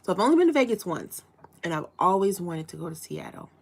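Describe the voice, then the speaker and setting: A woman from Chicago hosts a relaxed live chat with her viewers, her voice sitting a little low for a woman. She talks in a loose, chatty way and asks winding questions full of restarts and fillers. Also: fast talker, gravelly, breathy edge. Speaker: livestream host.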